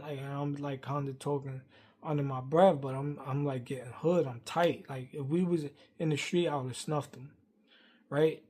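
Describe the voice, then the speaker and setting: A man, venting a rambling workplace story to camera, swinging from loud outbursts to muttering. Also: steady tone, moderate pace. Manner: heated, rambling, acts out quotes loudly then drops low.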